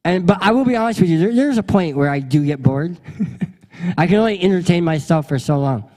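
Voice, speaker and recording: A young adult man, a pastor, telling a funny childhood story in an animated way and acting out the voices of the people in it. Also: high-pitched, brisk, big-room sound. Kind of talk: storytelling sermon.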